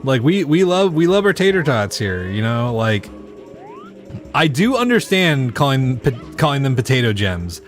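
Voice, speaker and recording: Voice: mid-range voice, very animated, moderate pace, faint music behind. A streamer chatting loosely with viewers while playing a game, rambling and often breaking into long fits of laughter. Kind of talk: casual chat with live stream viewers while gaming.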